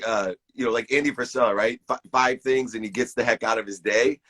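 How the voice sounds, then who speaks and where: A man's voice: medium pitch, steady tone, brisk, a bit bright. A man in his fifties giving an enthusiastic, preachy pep talk to viewers on a live stream, hosting it from his phone. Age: 50s.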